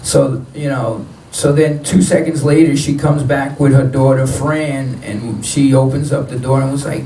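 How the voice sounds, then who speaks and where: A man's voice: mid-range voice, steady tone, measured pace, few pauses, dark tone, a little hiss or hum. A man telling blunt, profane stories in a live spoken word performance on stage. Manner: blunt, profane street storytelling. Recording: roomy, distant live-venue recording.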